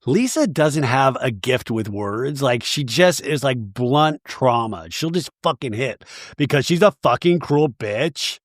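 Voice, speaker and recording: A man's voice: mid-range voice, measured pace, no echo, studio quality. A man hosting a reality TV recap, chatting casually and animatedly, often slipping into quoted voices. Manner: animated, gossipy, quotes cast members in put-on voices; emotional, laughs often. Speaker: podcast host recapping reality TV. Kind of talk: casual chat.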